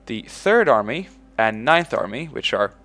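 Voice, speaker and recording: A man commenting casually on his own strategy game playthrough, swearing freely, bursting out with "boom" and ordering his in-game troops around. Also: unhurried. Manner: excitable, swears casually, shouts "boom" when giving orders; talks to in-game units as if they were his troops. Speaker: let's play host.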